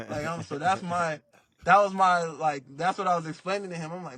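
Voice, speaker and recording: A man's voice: a little high, fairly quick. A young man talking casually as a podcast guest, telling stories in laid-back slang and acting out what people said. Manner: animated storytelling, acts out quotes. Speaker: podcast guest, basketball player. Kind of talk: casual interview talk.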